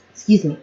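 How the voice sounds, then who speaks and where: A woman's voice: mid-range voice, a little mellow, dull audio. Woman reading her story aloud, stumbling. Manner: stumbles and restarts often, comments on her own slips. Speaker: amateur storyteller.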